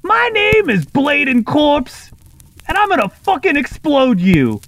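A man voicing a kenku, a bird-like creature that loudly replays the voices it has heard, in a comedy tabletop game. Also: huge pitch swings, measured pace, no echo, exaggerated voice. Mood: aggressive. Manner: shrill, shouted mimicry.

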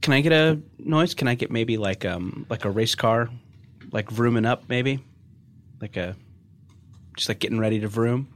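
A man guesting on a comedy podcast, excitedly spinning a wild made-up story. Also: medium pitch, moderate pace, pauses often. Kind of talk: improvised comedy chat.

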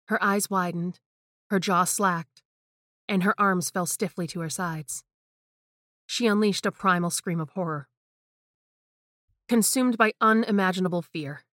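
A woman reading a scripted horror story in a hushed, tense way. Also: lowish voice, dry recording, clean studio sound. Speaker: narrator.

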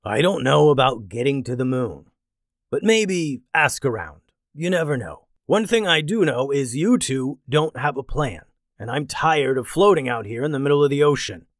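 A man voicing a calm, wise, winged male creature who talks in a slow, measured way. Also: mid-range voice, no room sound, clean studio sound, natural voice. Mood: firm.

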